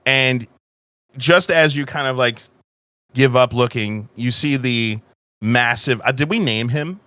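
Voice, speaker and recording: Slow-talking man running a game. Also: medium pitch, bright, forceful tone, no room sound. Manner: casual, swearing. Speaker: game master. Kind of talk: narrating a tabletop game.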